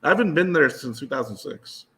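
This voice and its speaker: A comedian chatting casually with a host, giving brief, easygoing replies. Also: male voice, a little high, animated, fairly quick, sharp tone. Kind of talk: casual chat.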